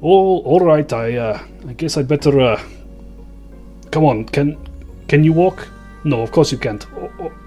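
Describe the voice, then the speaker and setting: Man voicing a scrawny goblin innkeeper, flustered and fussy, slightly raised pitch. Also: animated, unhurried, warm tone, soft background music. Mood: fussing. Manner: flustered, fussing.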